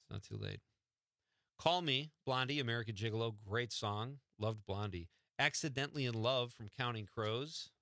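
A man's voice: medium pitch, normal speed, pushed and bright, no echo. A man hosting a radio show from the studio, chatting casually and teasing his co-host. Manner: joking, teasing.

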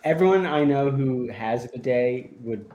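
A man's voice: mid-range voice, expressive, normal speed, mellow. A man on the radio as a guest editor, chatting casually about news stories and laughing along.

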